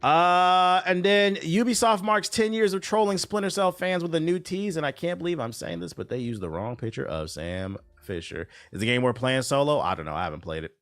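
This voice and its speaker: A man's voice: a little high, animated, a little fast, few pauses, fairly bright tone, no echo. Laid-back, profane male streamer, dry sound. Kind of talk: casual live-stream chat.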